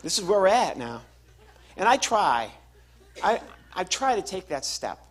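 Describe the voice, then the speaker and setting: A man's voice: high-pitched, unhurried. A man doing a stand-up comedy routine, telling a story on stage and acting out the voices of its people. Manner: animated storytelling with acted-out voices. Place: live venue with laughing audience.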